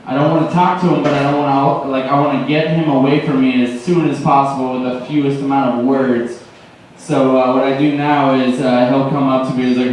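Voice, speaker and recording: A young man doing deadpan open mic stand-up, rambling with lots of fillers. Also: medium pitch, fairly quick. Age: late teens to early 20s. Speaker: stand-up comedian. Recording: echoey room, distant mic, faint noise.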